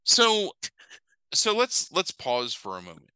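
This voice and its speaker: A podcast co-host recaps a movie in casual chat, rambling and swearing as he animatedly retells the plot and voices the characters' lines. His fairly high voice moves slowly, with a clean tone and no echo, though the recording itself is rough.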